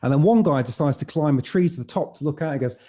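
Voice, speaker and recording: A man's voice: a little high, fast talker. A man hosting an interview podcast, listening attentively and asking his guest open questions. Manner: attentive, frequent soft backchannels. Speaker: podcast host. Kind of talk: interview conversation.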